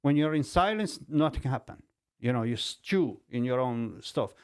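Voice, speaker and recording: A middle-aged man from Italy speaking English with an Italian accent, telling his life story as a podcast guest in broken, animated English. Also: medium pitch, moderate pace, clean tone. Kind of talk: personal testimony in conversation.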